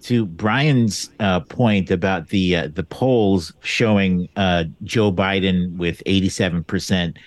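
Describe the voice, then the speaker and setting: A man's voice: low voice, takes it slowly, few pauses, dry recording. A man chatting casually on a talk show panel, rambling in an exasperated way. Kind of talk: casual political chat.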